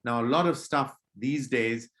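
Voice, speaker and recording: In an unhurried, mid-range voice, a male presenter guides kids through an online public speaking workshop over video, acting out mood-based greetings and gently correcting disruptive children.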